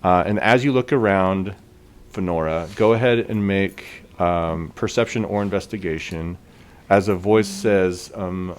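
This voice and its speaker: A man running a tabletop game with a relaxed, chatty delivery. His voice sits a little low, and he leans on fillers as he narrates. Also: a little slow. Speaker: game master.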